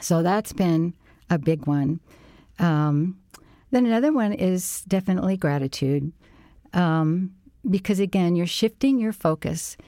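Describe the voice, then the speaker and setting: A middle-aged woman guest speaking gently and reflectively, offering encouragement with frequent pauses to think. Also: fairly low pitch, lively intonation, no echo, clean studio sound. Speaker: interview guest, parent support co-founder. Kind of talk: casual conversation.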